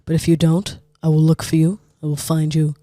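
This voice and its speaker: A man putting on a slow, low, threatening voice of an action-movie father. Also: monotone, dark tone, dry recording, clean studio sound, close to an everyday voice.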